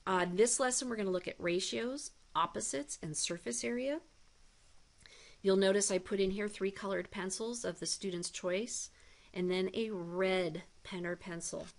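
A woman math teacher explaining a recorded demo lesson step by step, with deliberate pacing and playful asides. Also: mid-range voice, creaky.

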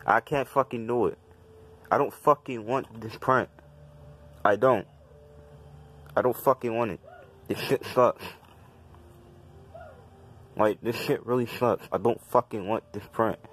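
Husky young male vlogger, mid-range voice, venting angrily with constant swearing. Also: medium pitch, moderate pace, pauses often. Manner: agitated, profane, repetitive complaining. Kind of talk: casual rant to camera.

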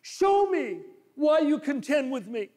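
A male pastor preaching a sermon, telling stories and shifting from loud pleading to low murmurs. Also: sing-song, slow pace. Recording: long hall reverb.

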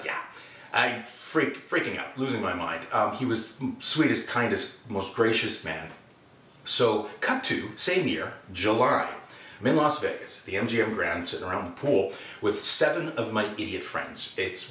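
An actor, telling a personal anecdote in an animated way and acting out quotes. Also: male voice, lowish voice, recorded from a distance, a little hiss or hum. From Canada. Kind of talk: anecdotal storytelling. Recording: roomy room, speaker set back from mic.

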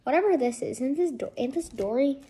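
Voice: high-pitched, lively intonation, a little fast. A teenager unboxing an advent calendar in a casual vlog, grumbling and exasperated, rambling asides to viewers. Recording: loud background noise.

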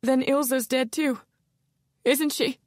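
A hoarse, frightened woman, played by a narrator, her voice pitched high and strained with barely held-back tears. She pleads and spirals into panic, recorded close and dry. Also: normal speed, no room sound. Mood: panicked. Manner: frantic, pleading, rising into panic. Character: terrified, hoarse adult woman haunted by past trauma. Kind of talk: audiobook character voice.

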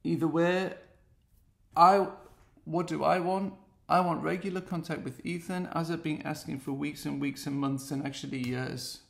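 A man's voice: a little high, steady tone, normal speed, vocal fry, fairly bright tone, echoey room. An English man with an earnest, heartfelt and pleading manner, speaking straight to the camera in a personal video message.

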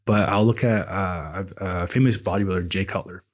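A man with a husky, lowish voice chatting on a fitness podcast. He rambles and restarts as he tells stories about gym culture, loose and conversational. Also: fairly quick. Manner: rambling, hesitant, many restarts. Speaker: podcast co-host and trainer. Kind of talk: casual podcast chat.

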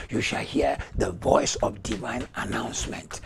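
A male pastor preaching a sermon with rhythmic, repeated declarations and prayer in tongues. He moves between hushed whispers and loud shouts. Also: mid-range voice, a little slow, vocal fry, few pauses, background noise.

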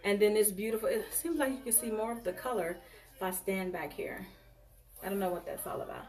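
A woman hosting a live jewelry sale, chatting casually and warmly addressing viewers as y'all and honey. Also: mid-range voice, a little fast, far from the mic.

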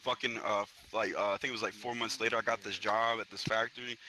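A man's voice: lowish voice, fairly even intonation, quick pace, pushed and bright, low-quality recording. A young man from Florida telling a story to friends in a rambling, profane street-slang way. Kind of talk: casual storytelling among friends. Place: online virtual social space.

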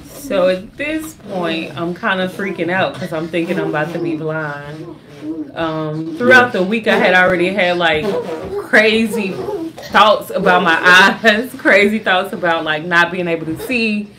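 A young woman in casual storytime chat, animated and laughing often as she tells a story, speaking in fast bursts. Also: lowish voice, crowd noise. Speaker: vlogger, mother.

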